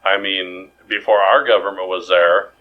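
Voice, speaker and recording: A man's voice: deep voice, flat delivery, moderate pace, narrow, tinny audio. A man co-hosting a podcast in casual chat, rambling and jokey with many restarts. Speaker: podcast co-host.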